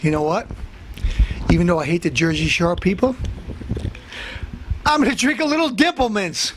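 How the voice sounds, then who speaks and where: High-pitched blustering man ranting. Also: normal speed, slight background noise. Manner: boastful, blustering, threatening to beat people up; bursts into shouting. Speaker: comedy show host. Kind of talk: comic tough-guy rant.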